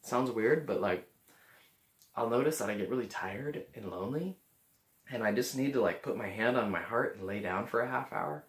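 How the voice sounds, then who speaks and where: A man's voice: mid-range voice, moderate pace. A man talks casually to the camera, earnest and a little rambling, restarting his phrases as he goes. His voice sits in a middle register. The sound is roomy, with a noticeable echo off the walls. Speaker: vlogger.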